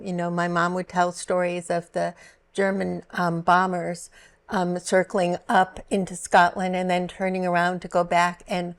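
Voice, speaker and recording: A woman recounting family war stories in a steady, matter-of-fact way, with frequent pauses to think. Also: on the low side, creaky. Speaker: guest. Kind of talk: personal storytelling.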